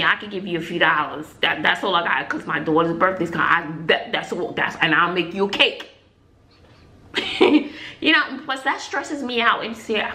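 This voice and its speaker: A woman's voice: mid-range voice, pushed and bright. A woman in her forties, a single mom, chatting to her viewers in a rambling, talkative way. She often laughs and loses her train of thought. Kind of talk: casual chat to viewers. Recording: roomy echo.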